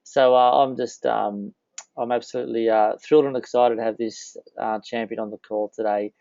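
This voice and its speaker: A man's voice: mid-range voice, steady tone, normal speed, gravelly, warm tone, no echo. An Australian man hosting an interview, enthusiastic and chatty, with lots of fillers and laughs, heard over a call. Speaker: interview host. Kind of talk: casual interview chat. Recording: dry, dull lo-fi call audio.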